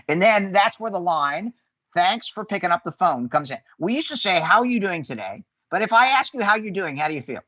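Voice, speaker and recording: Loud animated guy giving sales tips, acts out calls, kinda dull lo-fi dry sound. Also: sits high, a little fast, no echo. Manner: animated, acts out phone calls in quoted voices. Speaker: sales guest. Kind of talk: energetic sales coaching.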